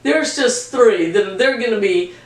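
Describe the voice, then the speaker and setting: A woman's voice: mid-range voice, lively intonation, a little slow, far from the mic. Chatty woman teacher in an echoey room. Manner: chatty, plain-spoken, jokey asides. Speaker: math teacher. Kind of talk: recorded video lesson.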